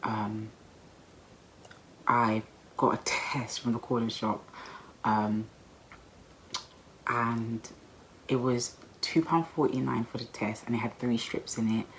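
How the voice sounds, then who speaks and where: A young woman recounts a personal story for her vlog, chatty and expressive and full of casual slang. Her voice sits unusually low for a woman. A faint hiss runs underneath. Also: slow pace, long pauses, low-quality recording. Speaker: vlogger.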